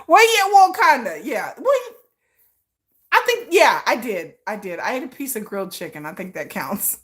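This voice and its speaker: A woman's voice: a little high, sing-song, moderate pace, a bit bright. A woman hosting a casual fan livestream, rambling and laughing as she talks to her chat, swearing freely. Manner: swears freely, Southern-flavored slang. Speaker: livestream host.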